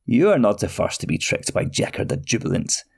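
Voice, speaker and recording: A man voicing a powerful but gentle witch in a storybook, speaking in measured tones. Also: fairly low pitch, sing-song, gravelly, husky, exaggerated voice. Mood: calm. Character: powerful witch, calm and kindly.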